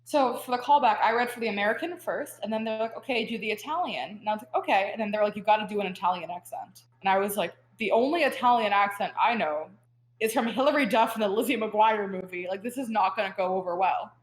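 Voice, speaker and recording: Young woman, podcast guest, chatty and animated, mid pitch, echoey room. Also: quick pace. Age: young adult. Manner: chatty, full of "like" fillers, animated storytelling. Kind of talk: casual podcast interview. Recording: roomy echo.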